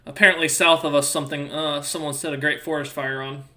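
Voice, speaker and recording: Male game master narrating a tabletop game, bright tone, rambling and self-correcting. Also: fairly high pitch, little pitch movement, quick pace.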